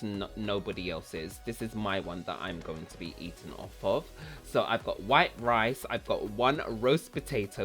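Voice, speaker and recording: A man with a lowish, slightly bright voice hosts a casual cooking vlog. He's chatty and rambles, repeating words just for fun.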